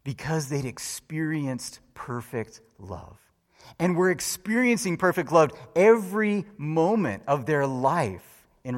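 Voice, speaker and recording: A man preaching a sermon, telling a story and swinging between loud lively peaks and hushed low lines. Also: in a large hall.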